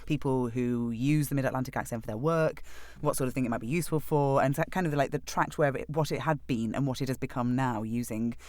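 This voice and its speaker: Schnell plaudernder Mann, trockener Ton. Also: male voice, medium pitch, a little mellow, no room sound. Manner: quick, rambling, with fillers and laughs. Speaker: podcast co-host guest. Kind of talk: casual storytelling in an interview.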